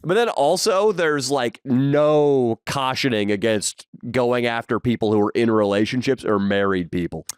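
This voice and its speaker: A man's voice: mid-range voice, lively intonation, measured pace, few pauses, clear, resonant tone, dry recording, clean studio sound. A young adult man co-hosting a podcast, telling crude, jokey stories in casual banter. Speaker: podcast co-host.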